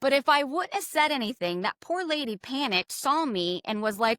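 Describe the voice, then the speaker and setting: A woman's voice: fairly high pitch, a little fast, few pauses, no room sound, studio quality. A middle-aged American woman, a leadership coach, talking as a guest in a podcast interview and acting out quoted dialogue as she tells stories. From United States. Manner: animated storyteller, acts out quoted dialogue.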